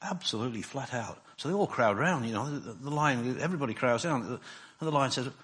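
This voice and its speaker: A man preaching a sermon in a rambling, self-deprecating way, husky, with frequent restarts. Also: medium pitch, lively intonation, a little fast, fairly bright tone.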